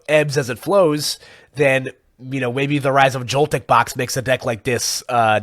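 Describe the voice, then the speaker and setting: A man co-hosting a podcast, chatting casually at a middle pitch. He rambles, leaning on fillers and chuckling often. His voice sits close and dry on the mic, with no room sound. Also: a bit bright, dry recording. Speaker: podcast co-host. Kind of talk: casual chat.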